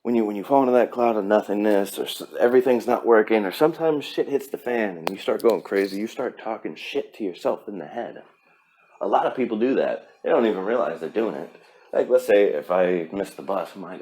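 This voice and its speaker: A man's voice: on the low side, lively intonation, brisk, darkish tone, a little hiss or hum. Blunt, cussing male podcast host. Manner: blunt, profane, pep-talk delivery. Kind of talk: casual motivational podcast monologue.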